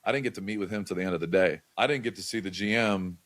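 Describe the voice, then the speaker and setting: Young guy guesting on a podcast, low voice, rattles it off quick, tons of slang and fillers, real animated. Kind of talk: casual storytelling.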